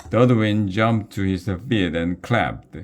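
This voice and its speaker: A man reading a children's novel aloud, slow and careful, with small restarts. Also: on the low side, slight background noise. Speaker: reader.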